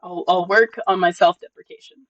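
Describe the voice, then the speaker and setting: A live streamer in casual chat with viewers, gentle and encouraging, often repeating words at the start of sentences. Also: medium pitch, fairly even intonation, brisk, no echo, lo-fi sound. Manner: emotional, gentle.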